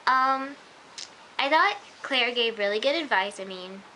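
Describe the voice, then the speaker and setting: A woman's voice: fairly high pitch, animated, a little slow, bright, forceful tone, poor audio. A teenage woman chatting casually through an episode review, gushing and peppering her talk with "like" and "oh my gosh.". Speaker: vlogger. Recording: faint hiss.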